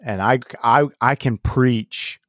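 Guy talking real slow, lowish voice, rambly, dry room. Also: fairly bright tone, dry recording. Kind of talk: casual political chat.

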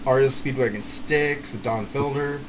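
A middle-aged man co-hosting a podcast, chatting casually about rock bands in a relaxed, rambling way, with frequent chuckles. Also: medium pitch, measured pace, crowd noise. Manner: laid-back, rambling, chuckles often. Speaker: podcast co-host.

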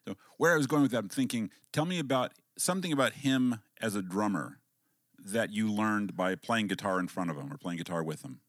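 Male interviewer, low voice, dry close sound, easygoing prompting. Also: animated, brisk, no room sound. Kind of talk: casual interview.

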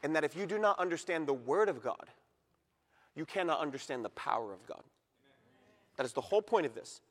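A middle-aged male pastor preaching a sermon in a church, emphatic and rising to loud peaks as he reads scripture. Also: fairly high pitch, expressive, a little fast, long reverb tail. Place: church sanctuary.

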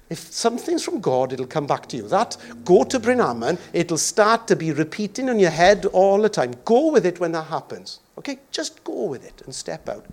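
A man's voice: high-pitched, moderate pace, hardly any pauses. A man preaching a sermon as pastor, joking and acting out voices along the way. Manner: jokey, animated, acts out voices.

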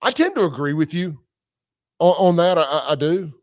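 A man's voice: on the high side, big pitch swings, normal speed, no echo, studio quality. A man hosting a livestream, talking casually, reading out comments and quotes. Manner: casual, conversational, reads comments and quotes aloud. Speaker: podcast host.

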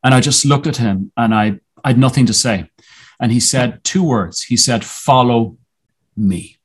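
Here a man's husky, mid-range voice tells a personal story on a podcast where he's the guest. His delivery is earnest and introspective, with sentences that halt and start over.

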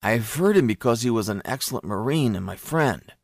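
A man's voice: medium pitch, animated, a little fast, dry recording, studio quality. A man voicing a tense male ex-Marine who gives hesitant, guarded answers under interrogation.

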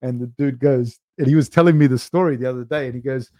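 A man's voice: medium pitch, fast talker, few pauses, warm tone, no room sound. Dry, chatty man telling stories. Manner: loose and chatty, full of "like" and "dude", swears. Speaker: podcast host and coach. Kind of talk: casual chat, rambling storytelling.

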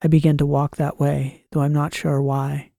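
A man narrating a science fiction audiobook in the first person, reading in a measured, dramatic way. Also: a little high, completely flat delivery, creaky, dark tone, no room sound, clean studio sound.

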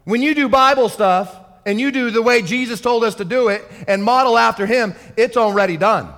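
Excitable high-voiced male pastor. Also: a little fast. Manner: excitable, fervent preaching. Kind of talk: sermon. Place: church hall. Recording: reverb of a church hall.

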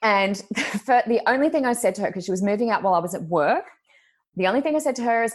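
A woman hosting a casual chat, telling a story in an animated, dramatic way. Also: fairly high pitch, fast. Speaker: podcast host.

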